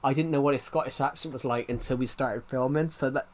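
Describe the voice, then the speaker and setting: This twenty-something streamer talks quickly in a steady, medium-pitched voice. Playing on a live stream, he chats loosely, rambling and backing up to restart his sentences.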